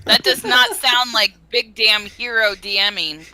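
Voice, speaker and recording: A woman's voice: a little high, unhurried, sharp tone, low-quality recording. A woman playing a tabletop game, tossing out wry jokes in casual banter. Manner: wry, joking asides. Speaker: player.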